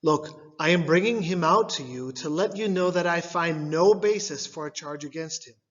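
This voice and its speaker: A man reading the part of a stern, weary Roman governor in a church scripture reading, his delivery measured and questioning. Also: fairly high pitch, a bit bright, big-room sound, highs cut off, close to an everyday voice. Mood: insistent.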